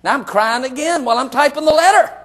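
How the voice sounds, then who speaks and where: A middle-aged man preaching a sermon, his voice sitting unusually high for a man. He moves from hushed, personal storytelling to shouted, emphatic exclamations. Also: animated, fast talker. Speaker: pastor.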